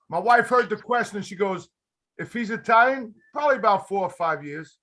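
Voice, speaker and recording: Male host, high voice, animated storyteller acting out quotes in casual banter. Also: normal speed. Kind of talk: casual group chat.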